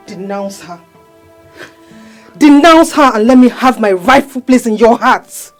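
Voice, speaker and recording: A Nigerian-accented woman playing a seductive, possessive female marine spirit princess in a film, coaxing and commanding in a slow, insistent way. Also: fairly high pitch, animated, faint music behind, poor audio. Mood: demanding. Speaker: spirit wife. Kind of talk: Nollywood film acting.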